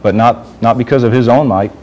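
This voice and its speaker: A man's voice: medium pitch, brisk, darkish tone, slight background noise, poor audio. A man giving an informal sermon to a youth group, talking conversationally and asking the group questions.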